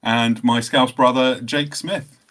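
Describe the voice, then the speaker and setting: A man's voice: medium pitch, steady tone, slow pace, fairly bright tone. A man hosting a podcast, chatting in an easygoing, self-deprecating way. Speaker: podcast host. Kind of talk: casual chat.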